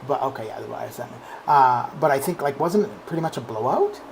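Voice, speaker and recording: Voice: mid-range voice, lively intonation, brisk, gravelly, slight background noise, rough recording. Rambling casual game streamer. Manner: rambling, with frequent restarts and fillers. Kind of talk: casual live-stream chat. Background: faint background music.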